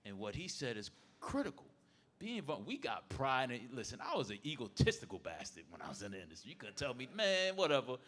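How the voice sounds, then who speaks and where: Animated storytelling man in his fifties. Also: medium pitch. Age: 50s. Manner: animated, acts out quoted voices. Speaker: podcast panelist. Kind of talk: casual storytelling. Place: live event space.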